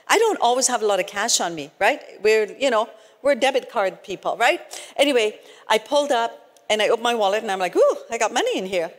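A woman's voice: on the high side, expressive, brisk. A woman giving a conversational sermon, telling personal stories in a chatty way with frequent tag questions and restarts. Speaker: speaker at a church gathering. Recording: long reverb, as in a hall.

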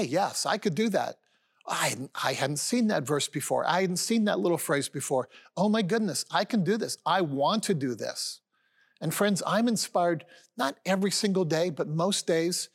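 Older guy pastor preaching, kinda high voice, earnest, chatty with lots of uhs and restarts. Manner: earnest, often addresses listeners as friends; conversational preaching with fillers and restarts. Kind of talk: sermon.

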